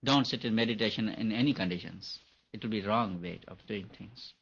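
A man's voice: lowish voice, brisk, gravelly, fairly bright tone, husky. A man giving a spiritual talk on meditation, repeating his points for emphasis. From India. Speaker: meditation teacher. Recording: dull lo-fi recording.

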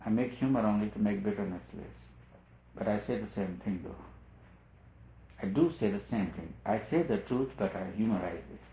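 A man's voice: lowish voice, normal speed, slight background noise. A man giving a spiritual discourse as a teacher, earnest and repetitive, pressing his key points harder. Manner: earnest, repeats phrases for emphasis, rising on key points. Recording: tinny lo-fi with roomy echo.

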